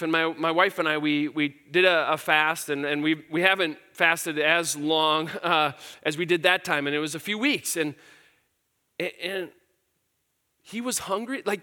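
Man, middle-aged, pastor; high, bright voice, casual and earnest sermon. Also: clean tone. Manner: casual and earnest, with fillers and repeated words. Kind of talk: conversational sermon.

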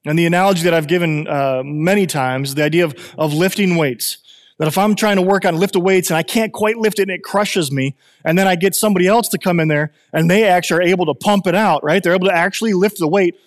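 A man in his thirties preaching a sermon, animated and conversational, often restarting and repeating his phrases. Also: high-pitched, fast talker, in a large hall. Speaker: pastor.

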